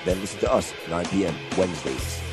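Deep-voiced joking radio host man. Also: brisk. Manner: upbeat, joking. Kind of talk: radio show promo. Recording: music playing behind.

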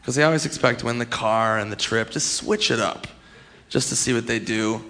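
A man doing a stand-up comedy set, swinging into loud shouted impressions. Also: medium pitch, a little fast. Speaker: stand-up comic.

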